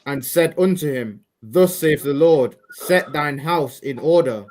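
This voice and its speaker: A man reads old-style Bible verses aloud with a slow, even delivery. His voice sits a touch high for a man. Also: low-quality recording. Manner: measured, steady reading of old-style verse. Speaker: scripture reader. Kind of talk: reading King James scripture aloud.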